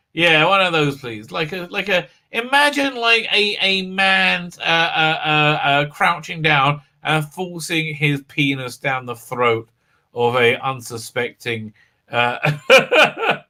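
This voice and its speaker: A man's voice: a little high, expressive, slow, pushed and bright. A man hosting a live stream, recapping a show in a sarcastic, mocking way with frequent laughs.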